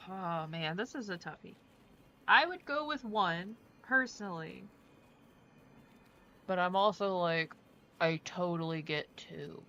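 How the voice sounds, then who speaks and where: A woman's voice: fairly low pitch, slow pace, long pauses, bright, forceful tone, lo-fi sound. A woman streaming a game, chatting casually in a rambling way full of fillers. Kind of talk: casual chat while playing a game.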